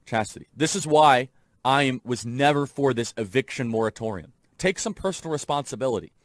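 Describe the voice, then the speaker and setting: A man's voice: mid-range voice, expressive, fairly quick, dry recording. Male commentator, indignant lecture, dry sound. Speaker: political commentator. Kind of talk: opinion commentary.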